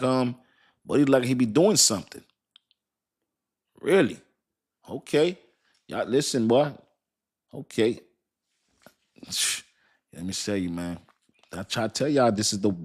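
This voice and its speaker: A man in the middle of a casual crypto live stream, chatting loosely with his viewers. He repeats himself and thinks out loud while reading, and laughs often. His voice sits at an ordinary, mid-range pitch for a man. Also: slightly rough. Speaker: crypto livestream host.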